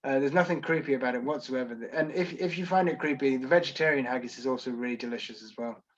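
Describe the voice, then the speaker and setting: A man's voice: medium pitch, fast talker. Scottish man answering questions, muffled sound. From Scotland. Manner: chatty, self-deprecating, reads out questions. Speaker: tour guide. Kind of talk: live Q&A on a video call.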